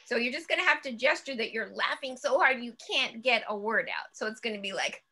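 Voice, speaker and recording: A bright, upbeat woman leads a laughter yoga class, her voice set a little high. She chants and giggles along as she guides slow breaths. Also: animated.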